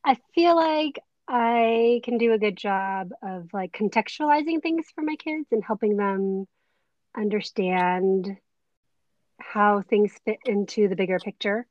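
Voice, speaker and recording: A woman who works as a teacher, a guest in a casual chat, soft-spoken and laughing lightly. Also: medium pitch, measured pace, no room sound, highs cut off.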